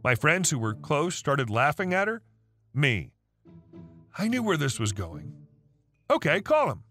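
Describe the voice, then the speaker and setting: Male text-to-speech narrator, high pitch, lively intonation, even reading, faint background music. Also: a little slow. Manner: even reading that speaks the listed dialogue tags aloud. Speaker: story narrator. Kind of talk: reading online stories aloud.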